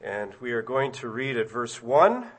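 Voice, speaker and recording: Bright-voiced man preaching a sermon. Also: medium pitch, big pitch swings, husky. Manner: deliberate reading, slowing and stressing key words. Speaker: guest preacher. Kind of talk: sermon with scripture reading.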